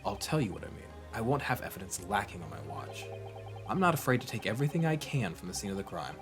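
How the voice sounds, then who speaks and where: Guy doing a gruff low cop in a courtroom game, stubborn and proud, slow grave lines. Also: sing-song, music in the background. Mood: stern. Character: stern male police inspector, proud and stubborn.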